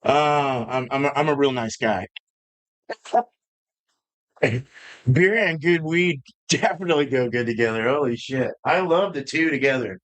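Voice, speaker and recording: A man's voice: mid-range voice, animated, measured pace, pauses often, a bit bright. A man hosting a live home-brewing stream, chatting casually with a rambling, profane manner and frequent laughs. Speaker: homebrewing live-stream host. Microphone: streaming setup.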